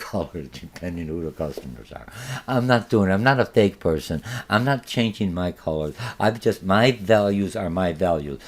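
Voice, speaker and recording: Low-voiced, rambling male lecturer. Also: darkish tone. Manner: rambling and conversational, with many restarts and acted-out examples. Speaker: college marketing instructor. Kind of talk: recorded lecture.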